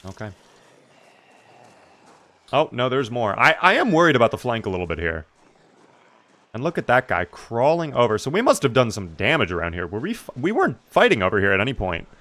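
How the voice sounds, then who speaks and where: A man's voice: medium pitch, a little fast, pauses often. Chatty male streamer, casual gaming talk. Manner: chatty, relaxed, reads and answers chat.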